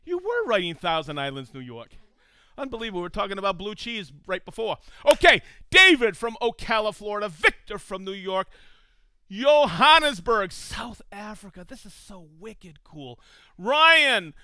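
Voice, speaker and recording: Upbeat high-voiced man hosting. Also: big pitch swings, moderate pace, pushed and bright, no echo, clean studio sound. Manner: enthusiastic, reads out viewer locations. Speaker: host of a live tool show. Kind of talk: casual live-stream chat.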